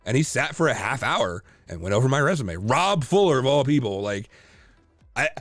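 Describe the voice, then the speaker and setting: A man co-hosting a casual podcast chat, telling lively stories full of fillers and restarts. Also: mid-range voice, moderate pace, no room sound. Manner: animated storyteller, many fillers and restarts. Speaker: podcast co-host.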